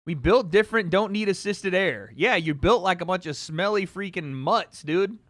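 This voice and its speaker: High, bright-voiced male streamer. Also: expressive, moderate pace, dry recording, studio quality. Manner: joking, trolling banter with his chat. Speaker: livestream host. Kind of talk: casual livestream chat. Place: home.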